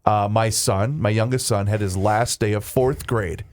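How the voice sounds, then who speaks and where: A middle-aged man co-hosting a radio show, telling a casual anecdote with lively, animated delivery. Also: on the low side, moderate pace. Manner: animated storyteller, acts out voices in his anecdotes. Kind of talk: casual chat.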